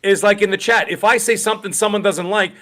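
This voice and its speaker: A middle-aged man co-hosting a gaming podcast in rambling, animated casual chat with many restarts. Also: sits high, fast talker. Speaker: podcast co-host.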